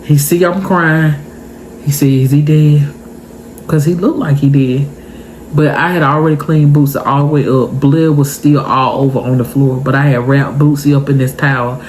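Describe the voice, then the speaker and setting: Young woman, storytime vlogger, animated, emotional, faint room noise. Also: deep voice, normal speed. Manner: animated, emotional, talks to viewers directly. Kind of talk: casual storytime.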